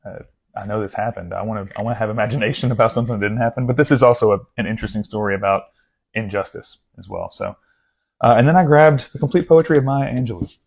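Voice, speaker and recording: Talking fast in a low-leaning voice with vocal fry and a slightly rough texture, a young man casually runs through his latest book haul for his vlog. He rambles, pokes fun at himself, and keeps restarting and veering into asides.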